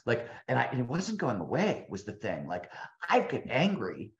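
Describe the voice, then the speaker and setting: A man's voice: medium pitch, huge pitch swings, moderate pace. A man in his fifties, a guest author telling a long story in a casual interview, rambling with frequent restarts and fillers. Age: 50s. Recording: roomy, dull lo-fi sound.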